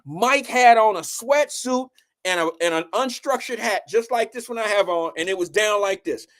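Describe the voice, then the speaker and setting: High-voiced man telling a story, loose, profane. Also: normal speed, a bit bright. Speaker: show host telling a story. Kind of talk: casual storytelling.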